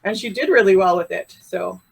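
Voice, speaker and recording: A woman in her thirties from Canada chats as a podcast guest. She speaks in a warm, heartfelt, storytelling way at an ordinary middle pitch. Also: brisk, gravelly, slightly rough, low-quality recording. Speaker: pharmacist and coach, podcast guest. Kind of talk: casual interview chat.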